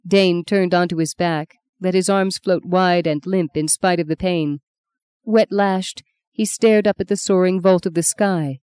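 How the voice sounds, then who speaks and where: A woman narrating a novel in a measured, solemn storytelling manner. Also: lowish voice, steady tone, darkish tone, clear, resonant tone, dry recording, studio quality. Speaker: audiobook narrator. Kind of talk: scripted literary narration.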